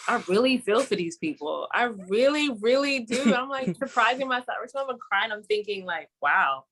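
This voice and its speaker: A woman's voice: a little high, lively intonation, a little fast, a bit bright. A woman co-hosting a casual podcast chat, telling laid-back stories about her routines. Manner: chatty, storytelling, laid-back. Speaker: podcast co-host.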